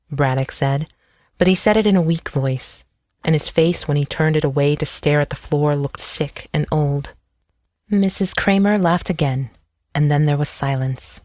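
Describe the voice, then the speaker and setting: A woman with a low-sitting voice narrates an audiobook in a measured, even storytelling manner. The studio-quality recording has no echo.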